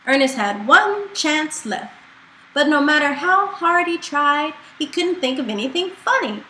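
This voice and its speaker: A woman reading a children's picture book aloud in a slow, expressive storytelling manner, in an echoey room. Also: high voice. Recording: echoey room with faint noise.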